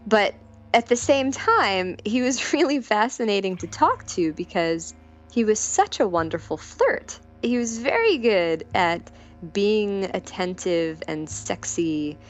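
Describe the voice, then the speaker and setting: A woman's voice: mid-range voice, expressive, slow pace. Giggly, frank woman in casual chat. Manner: frank, giggly, breaks into laughter. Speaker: podcast guest.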